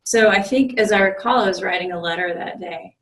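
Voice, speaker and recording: A woman priest telling a story in a relaxed dharma talk, with frequent fillers and restarts. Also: mid-range voice, a little fast. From United States. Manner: conversational, many fillers and restarts. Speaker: visiting Zen priest giving a dharma talk. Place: meditation group room. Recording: roomy echo.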